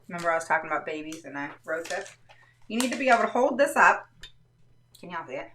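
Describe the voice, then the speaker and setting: Her voice sits lowish but is pushed and bright, and she talks fast with lively intonation as she hosts a casual parenting live stream. She breaks things down step by step, checking in with viewers through repeated "all right"s, over a roomy, slightly distant mic carrying a bit of hiss or hum.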